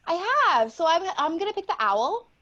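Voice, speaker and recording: A woman's voice: very high voice, big pitch swings, moderate pace, pushed and bright, muffled recording. A woman improvising a comedy scene, answering mock press questions in a playful voice. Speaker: improv player.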